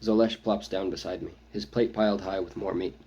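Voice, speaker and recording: Male author narrating his book, very low voice, husky, measured and brooding. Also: steady tone, warm tone, low-quality recording. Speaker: author reading his novel. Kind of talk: first-person audiobook narration.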